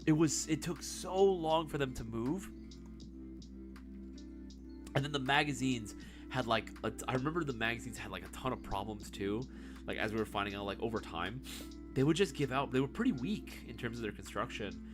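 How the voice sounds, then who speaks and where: A man's voice: medium pitch, expressive, moderate pace, over music. A young man hosting a casual live-stream Q&A, swearing freely and laughing often. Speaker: live stream host answering viewer questions.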